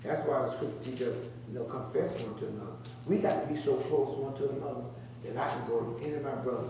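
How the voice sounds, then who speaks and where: A man's voice: mid-range voice, fast, recorded from a distance, background noise. A man preaching a conversational sermon, repeating phrases and drawing responses from the congregation. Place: church sanctuary. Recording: echoey muffled church sound from afar.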